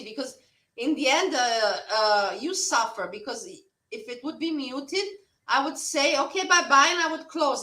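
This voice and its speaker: A woman's voice: a little high, bright, forceful tone, roomy sound, distant mic, low-quality recording. A woman hosting a casual livestream chat, rambling and blunt, swearing freely. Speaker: livestream host.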